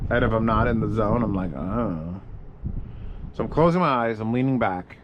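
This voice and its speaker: A male streamer with a fairly low voice talks quickly, answering audio questions in casual livestream chat. He is profane and rambling, thinking out loud. The recording has its highs cut off and background noise.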